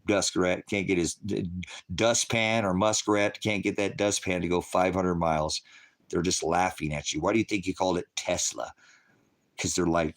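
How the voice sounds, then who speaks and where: A man hosting a casual livestream, rambling in a conspiratorial way, laughing often and answering viewers in chat. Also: low voice. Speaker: livestream host.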